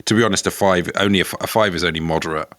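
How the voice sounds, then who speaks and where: A man's voice: deep voice, steady tone, a bit bright, no echo, studio quality. A man co-hosting a comedy podcast, chatting playfully and teasing his co-host. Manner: playful, teasing, quick to joke. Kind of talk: comedic casual chat.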